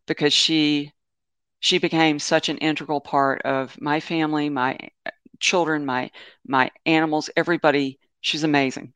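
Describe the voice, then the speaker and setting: A man's voice: fairly high pitch, steady tone, normal speed, fairly bright tone, clean tone, no room sound. A man presenting an informal webinar talk about animals, telling stories in a meandering way that often corrects itself and leans on fillers. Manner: meandering, self-correcting storytelling with many fillers.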